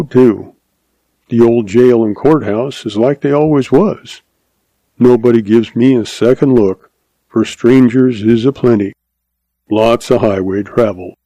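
A man's voice: medium pitch, dark tone, dry recording, rough recording. A man reading an old-west story aloud in a drawling cowboy dialect, plain and dry in manner. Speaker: narrator.

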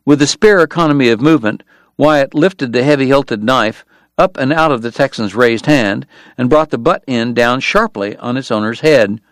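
Guy narrating an audiobook, steady and even, really dry close sound. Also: mid-range voice, normal speed, dry recording. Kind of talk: scripted narration.

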